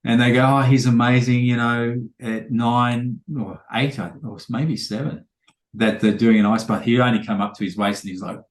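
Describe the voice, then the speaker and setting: A man's voice: mid-range voice, steady tone, normal speed, echoey room. A man, a trainer telling rambling anecdotes full of quoted dialogue in a casual podcast interview.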